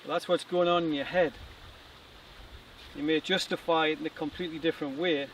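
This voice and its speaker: Guy musing outside, slightly high voice, short spaced phrases, far off mic by a stream. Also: fairly even intonation, brisk, fairly bright tone. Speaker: author and archer. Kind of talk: casual outdoor talk on fear of change. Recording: distant outdoor recording with noise.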